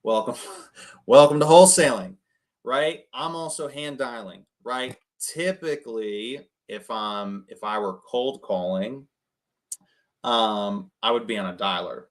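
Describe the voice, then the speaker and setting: A man casually coaching people on cold calling between phone calls, often tagging his points with a quick "right?". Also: medium pitch. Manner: conversational, keeps adding "right?". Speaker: real estate wholesaling coach.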